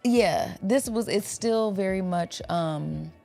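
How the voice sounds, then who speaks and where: A woman's voice: mid-range voice, slow pace, creaky, darkish tone, faint music behind. Frank, candid woman co-host. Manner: frank, candid, swears freely. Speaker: podcast co-host. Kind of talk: casual book-club chat.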